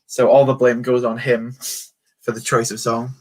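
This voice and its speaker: Chatty man streaming, flat delivery. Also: mid-range voice, moderate pace. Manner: chatty, joking, self-mocking. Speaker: livestreamer. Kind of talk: casual livestream chat while building a toy set.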